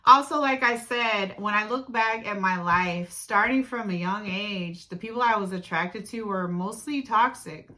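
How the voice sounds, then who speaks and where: A middle-aged woman with a dry throat, telling a personal story in a casual vlog, animated and often clearing her throat. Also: medium pitch, unhurried, few pauses, low-quality recording.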